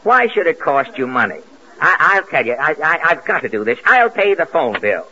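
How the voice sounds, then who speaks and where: A man's voice: on the high side, big pitch swings, moderate pace, bright, forceful tone. A man hosting a 1940s radio comedy, dry and wisecracking, with mock-stern scolding, on a lo-fi old broadcast recording. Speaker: comedy show host.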